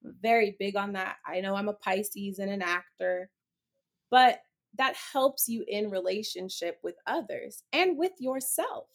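A woman speaking as an interview guest, outspoken and expressive, with casual swearing. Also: mid-range voice, a little slow. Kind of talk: candid conversational interview.

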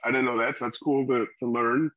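A man's voice: medium pitch, fairly even intonation, fairly quick. A man casually leading a Bible discussion on a podcast, rambling a little, with fillers and the odd laugh. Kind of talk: casual Bible study chat. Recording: slightly muffled lo-fi audio.

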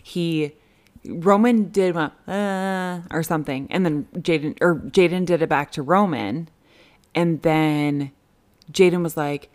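A woman's voice: low-pitched, unhurried. A woman in her thirties co-hosting a podcast, telling family stories with lots of laughter and swearing. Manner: animated storyteller, laughs often, swears. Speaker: podcast co-host. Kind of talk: casual chat.

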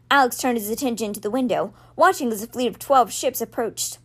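A woman with a high voice reads a novel aloud, carrying the narration at a steady pace. Her storytelling is lightly expressive and even. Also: fairly quick, hardly any pauses. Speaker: book reader, podcast host.

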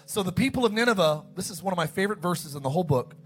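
A man preaching a sermon as pastor, animated, acting out the story's dialogue in quick asides. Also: high-pitched, slight background noise.

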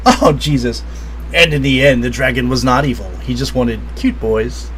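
A man reading out party game cards and keeping score in a casual, excitable, laughing way. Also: moderate pace, slight background noise, poor audio. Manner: excitable, laughing, swings loud and high. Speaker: player.

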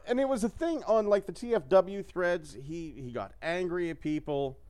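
A man's voice: high-pitched, moderate pace, a little mellow, clean tone. Rambling, laughing man on a podcast. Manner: rambling, laughs often, swears freely. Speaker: podcast host. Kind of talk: casual chat.

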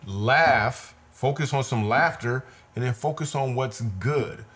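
A man's voice: mid-range voice, takes it slowly, a bit bright. A man, a comedian guest, telling a personal story in an earnest, repetitive, vivid way. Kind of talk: conversational storytelling.

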